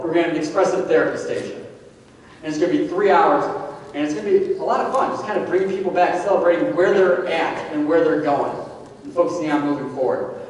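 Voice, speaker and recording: Guy presenting to parents, chatty, lots of likes, kinda high voice, echoey hall from far off. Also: a little mellow. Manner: conversational, many fillers like "like". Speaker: addiction therapist presenting. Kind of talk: casual public talk to parents. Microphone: distant from the recorder. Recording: echoey hall from far off, faint background hum.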